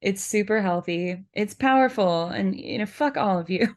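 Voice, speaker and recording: A woman's voice: mid-range voice, moderate pace. Firm, supportive woman podcast co-host. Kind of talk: casual podcast talk.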